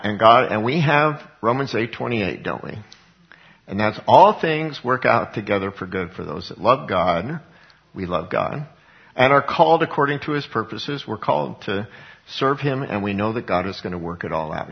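A middle-aged man preaching a sermon, telling a personal story with lively swings up into high exclaimed passages. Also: moderate pace, vocal fry. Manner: animated storytelling, voice jumping high for acted quotes. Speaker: pastor. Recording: dull lo-fi recording.

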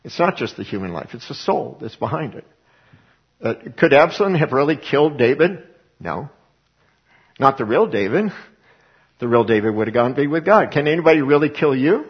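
Husky emphatic man preaching scripture. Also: a little high, sing-song, normal speed, long pauses, highs cut off. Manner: emphatic, asks and answers his own questions. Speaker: Bible teacher. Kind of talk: preaching Bible study.

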